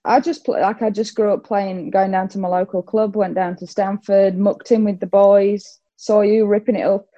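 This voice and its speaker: A woman's voice: mid-range voice, little pitch movement, moderate pace, hardly any pauses, dark tone, dry recording, highs cut off. A young woman from Yorkshire with a Yorkshire accent and a slight Australian twang, chatting upbeat as a podcast guest. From Yorkshire, England. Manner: chatty, upbeat, laughs easily. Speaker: guest cricketer. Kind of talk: casual interview chat.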